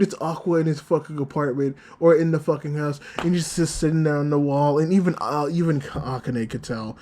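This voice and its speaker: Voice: medium pitch, fairly quick, few pauses, dark tone. VTuber anime reviewer, casual rant, heavy swearing, choked up, near tears. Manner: emotional, swears a lot, close to tears.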